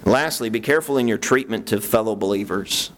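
A man preaching a sermon as pastor, talking conversationally with restarts and jumping into a high voice to act out his own thoughts. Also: brisk. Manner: animated, acts out his own inner voice in sudden high bursts; conversational, with frequent restarts and "you know".

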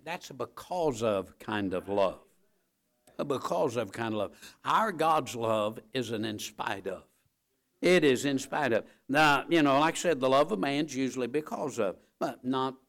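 A middle-aged man delivering a sermon in an emphatic preaching style. He repeats key phrases for weight and moves between hushed, low stretches and loud, driving climaxes. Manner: emphatic, repeats phrases, rises and falls in volume.

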